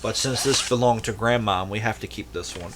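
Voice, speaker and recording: A man's voice: lowish voice, brisk, noisy background. A man casually showing off his tape collection, rambling and swearing freely between jokes. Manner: rambling, profane and jokey. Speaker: VHS collector vlogger. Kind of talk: casual show-and-tell.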